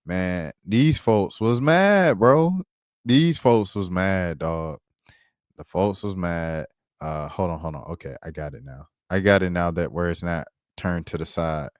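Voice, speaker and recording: A man's voice: low-pitched, animated, moderate pace, no echo, studio quality. A man hosting a casual basketball commentary stream, slangy and laid-back, pulling up clips as he talks. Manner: slangy, laid-back, says bro and dog often; multitasking, pulling up clips while talking. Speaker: sports commentary host.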